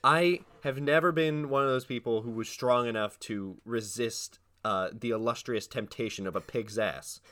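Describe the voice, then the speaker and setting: A man's voice: medium pitch, normal speed, few pauses, a bit bright, a little hiss or hum. A young man co-hosting a casual podcast, rambling and restarting as he tells stories. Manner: rambling, self-interrupting, giggly. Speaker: podcast co-host.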